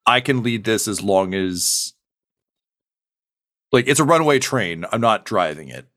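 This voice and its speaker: Low-voiced rambling game master. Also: male voice, expressive, unhurried, sharp tone, slight background noise. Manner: rambling, full of ums and uhs. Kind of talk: narrating a tabletop game.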